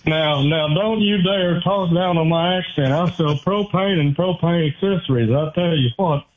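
A man's voice: a little high, close to an everyday voice. A man calling in to a radio show and putting on a Scandinavian-American Upper Midwest accent as a chatty, joking rural farmer. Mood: folksy joking. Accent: put-on Upper Midwest Scandinavian-American. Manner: folksy, joking, drawn-out sayings. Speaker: caller. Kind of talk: comic call-in bit. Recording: dull phone line.

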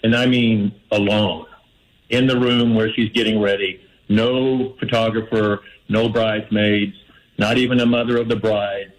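A man's voice: lowish voice, flat delivery, unhurried, rough recording. A man calling in to a radio show, giving earnest, friendly advice with a few fillers. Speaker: caller. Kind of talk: phoned-in advice.

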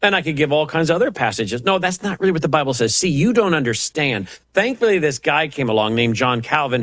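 An impassioned man teaches the Bible verse by verse, firing off rhetorical questions and mocking asides as he builds to forceful preaching. His voice sits a little higher than most men's, and the sound is close and dry with no room around it. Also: no room sound. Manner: impassioned, rising to emphatic preaching on scripture. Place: at a computer, typing up passages.

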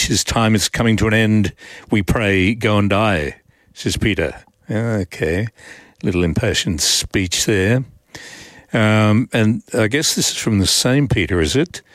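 A man hosting talkback radio, reading listener texts aloud in a wry, unhurried way. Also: lowish voice, dry recording, studio quality. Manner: wry, unhurried, hesitant with fillers. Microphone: studio microphone.

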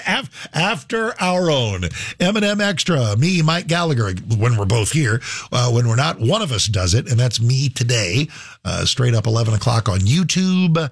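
A man hosting a talk show, rambling and halting with many restarts. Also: mid-range voice, big pitch swings, slightly rough, no echo, clean studio sound. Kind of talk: casual radio talk.

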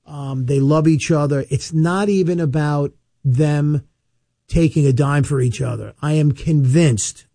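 A man, an estate planning attorney giving casual, chatty advice with storytelling asides and emphatic slowed-down points. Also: on the high side, mellow, no echo, studio quality. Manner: emphatic, slows down to stress points. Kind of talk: casual advice monologue to camera.

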